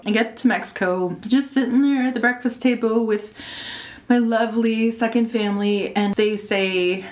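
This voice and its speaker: A woman in her thirties casually telling a personal story, animated and laughing often, her voice jumping high when excited. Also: normal speed. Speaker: storyteller guest.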